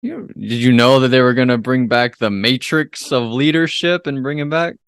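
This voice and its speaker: A man's voice: mid-range voice, expressive, moderate pace, fairly bright tone, clear, resonant tone, no echo, clean studio sound. A man co-hosting a casual film review podcast, easygoing, retelling scenes and laughing. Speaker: podcast co-host.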